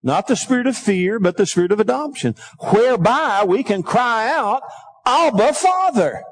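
Heard through poor audio, a middle-aged pastor preaches at normal speed in a gravelly, fairly high, animated voice. Between scripture readings he calls out to the congregation, sliding into a sing-song lilt as his feeling rises.

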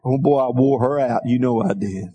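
A middle-aged man preaching a sermon, calling for responses from the congregation and telling folksy stories in a quieter aside voice. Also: moderate pace, husky. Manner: folksy storytelling, drops to a low aside. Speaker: pastor.

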